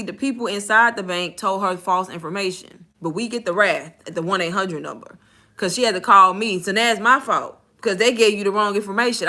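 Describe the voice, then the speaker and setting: A woman's voice: fairly high pitch, brisk, pushed and bright. A woman casually telling a story about her call center job, frank and exasperated, acting out the conversations. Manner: candid and exasperated, acts out dialogue; frank with swearing and casual slang.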